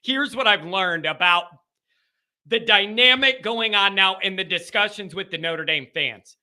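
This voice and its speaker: A man hosting a call-in sports radio show, talking in an energetic and animated way. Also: high-pitched, measured pace. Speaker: sports talk show host.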